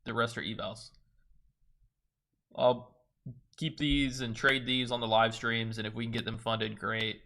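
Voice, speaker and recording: A man's voice: medium pitch, flat delivery, a little slow, long pauses, bright, forceful tone. A young man chatting casually on a trading livestream, swearing freely and talking to his chat. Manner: swearing, laid-back, talks to chat.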